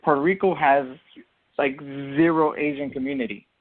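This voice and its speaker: A man talks through a sports opinion in a loose, rambling podcast chat, leaning on fillers and restarts. His voice sits a little high for a man, and the sound is thin and narrow like a phone line. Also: fairly even intonation, moderate pace, slight background noise. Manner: rambling, filler-heavy explaining. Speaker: podcast co-host. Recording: tinny phone-like audio.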